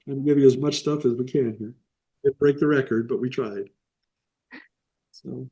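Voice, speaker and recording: A man's voice: medium pitch, steady tone, moderate pace, dark tone. A middle-aged man from the American Midwest, telling rambling anecdotes in a casual interview over a video call. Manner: rambling anecdotes with quoted voices. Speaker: interview guest, animation artist.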